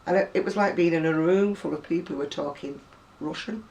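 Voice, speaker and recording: A Lancashire woman in her sixties, a home video blogger, talks fairly quickly in a deep, slightly mellow voice. Her Oldham accent has softened from years near Manchester, and she reads a word list in a chatty video reply, rambling and correcting herself along the way. Her voice sounds a little distant from the microphone.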